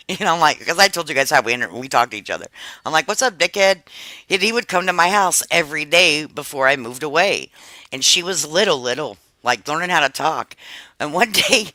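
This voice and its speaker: A woman's voice: deep voice, big pitch swings, moderate pace, sharp tone, no room sound. A middle-aged woman hosting a live stream, chatting casually with viewers, laughing often and swearing freely. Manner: frank and talkative.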